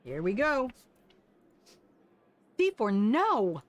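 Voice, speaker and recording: An older woman streaming a game, reading its text aloud and putting on animated character voices. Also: medium pitch, normal speed, no echo. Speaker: streamer playing a visual novel game.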